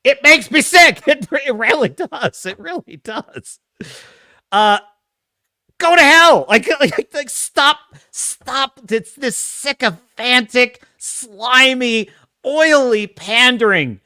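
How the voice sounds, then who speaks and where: A man's voice: very high voice, expressive, slow, sharp tone, no room sound, studio quality. A man hosting a podcast, reacting to video clips with sarcastic, exasperated ranting and frequent laughter.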